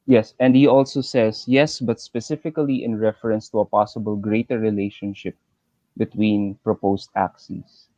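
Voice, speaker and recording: A man moderating a session, reading audience questions aloud at a measured pace. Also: on the low side, level tone, dark tone, no echo. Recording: dry, dull lo-fi call audio.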